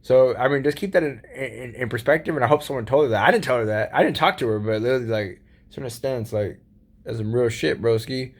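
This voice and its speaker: In a medium-pitched voice, a man talks fast through a laid-back late-night monologue. The solo vlogger rambles, curses, leans on casual slang, and laughs frequently while speaking.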